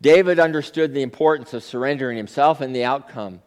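A man preaching a sermon in a conversational storytelling style that swells into forceful peaks. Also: mid-range voice, fast, smooth. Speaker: pastor. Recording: long reverb of a large hall.

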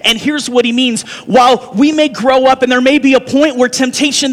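Guy pastor preaching, pretty high voice, chatty, lots of "right?" to the crowd, long echo in the church. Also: husky. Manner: conversational, often asks the congregation questions. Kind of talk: sermon.

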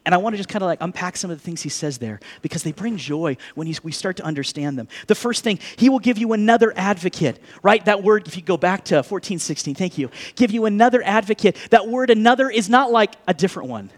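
Pastor guy in his 30s, pretty high voice, chatty sermon w lots of asides to the crowd. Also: fast talker, few pauses. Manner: animated, chatty, with asides and jokes to the congregation. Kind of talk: conversational sermon.

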